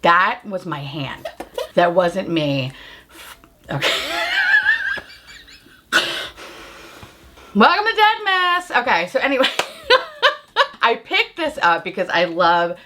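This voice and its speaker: A woman's voice: fairly low pitch, big pitch swings, slow, pauses often, background noise. Giggly woman chatting about makeup. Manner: bubbly, giggly, swears freely. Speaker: beauty vlogger. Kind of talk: casual makeup review vlog.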